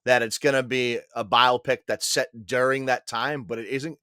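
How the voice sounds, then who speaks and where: Blunt, bright-voiced man co-hosting a podcast. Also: mid-range voice, fairly even intonation, moderate pace, smooth, dry recording, studio quality. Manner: blunt, swears freely, emphatic complaints. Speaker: podcast co-host. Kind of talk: casual chat.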